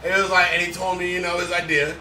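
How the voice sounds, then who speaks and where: A man with a fairly high voice talks casually and at length, circling back to his points. He sits away from the mic in a roomy space, with faint noise behind him. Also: level tone, racing, sharp tone, recorded from a distance. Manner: rambling, often says "let's be real". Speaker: podcast co-host. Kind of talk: casual chat.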